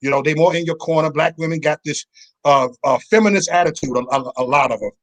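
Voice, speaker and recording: A man's voice: fairly high pitch, fast, a bit bright. A man speaking as a guest on an online panel, emphatic and stammering, calling himself an aggressive person. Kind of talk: casual panel chat.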